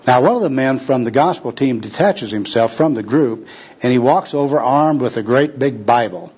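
A man's voice: mid-range voice, animated, moderate pace, darkish tone, slightly rough. A man preaching a sermon, telling a story in a folksy, conversational manner, heard on a dull lo-fi recording.

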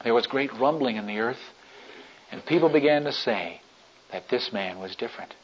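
A male preacher telling a story in a sermon, swinging between hushed and loud delivery. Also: mid-range voice, expressive, normal speed, slight background noise. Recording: dull lo-fi recording.

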